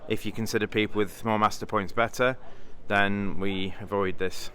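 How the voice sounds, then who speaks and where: Bright-voiced British man vlogging. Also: fairly low pitch, flat delivery, normal speed. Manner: rambling, thinks aloud with many fillers and restarts. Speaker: vlogger, bridge player. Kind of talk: casual vlog chat.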